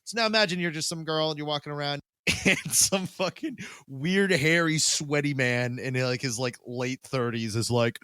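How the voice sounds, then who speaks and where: A man's voice: fairly high pitch, moderate pace, sharp tone, clean tone, no echo. A man co-hosting a podcast in casual chat, rambling with lots of fillers, swearing loosely and laughing often. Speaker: podcast co-host.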